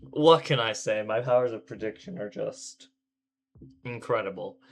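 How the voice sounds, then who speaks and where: A man's voice: lowish voice, normal speed, gravelly, a little hiss or hum. A man streaming a visual novel, commenting in a sarcastic, playful and mock-dramatic way. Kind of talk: let's play commentary.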